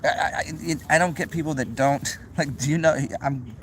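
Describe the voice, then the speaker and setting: This livestream host is a young man whose voice sits on the high side, moving at a moderate pace over slight background hiss or hum. He reads viewer comments aloud in a loose, rambling chat full of restarts, frequent laughter, and free swearing.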